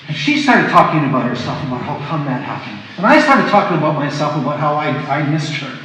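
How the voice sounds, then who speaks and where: A man presenting a workshop, telling a personal story in a halting, reflective way with many restarts. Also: fairly high pitch, animated, fairly bright tone, slight background noise. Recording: echoey hall, voice from a distance.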